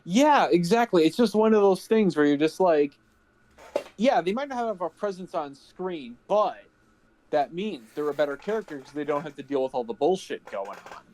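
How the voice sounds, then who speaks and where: A man's voice: fairly high pitch, expressive, moderate pace, darkish tone, a little hiss or hum. Sarcastic man on a movie podcast. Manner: sarcastic, playful banter. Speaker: podcast co-host. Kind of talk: casual movie review chat.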